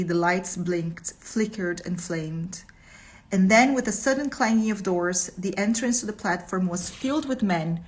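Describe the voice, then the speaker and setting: Lady teacher reading a short story out loud, slow and careful, with some commentary. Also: mid-range voice. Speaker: literature teacher.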